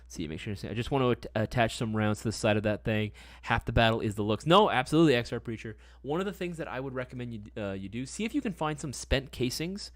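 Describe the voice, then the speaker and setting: A man's voice: mid-range voice, animated, quick pace, hardly any pauses, no echo, studio quality. A young man hosting a casual live stream, talking in a laid-back, slangy way and often tagging on "right?" and "man". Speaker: livestream host.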